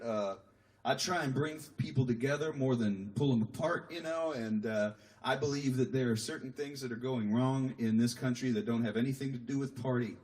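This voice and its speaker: A singer-songwriter man chatting casually with live-stream viewers between songs, rambling and self-deprecating as he reads their comments aloud from home. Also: medium pitch. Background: acoustic guitar playing.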